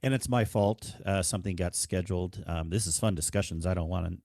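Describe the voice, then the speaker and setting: A man guesting on a gaming podcast, calm, patient and soft-spoken. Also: sits low, a little fast, dry recording, studio quality. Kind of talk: casual gaming podcast chat.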